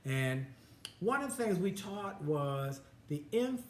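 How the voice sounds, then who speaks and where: A man in his fifties co-hosting a marriage advice chat, halting and often restarting his words. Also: high voice, sing-song, a little hiss or hum. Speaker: co-host. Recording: roomy echo, faint ambience.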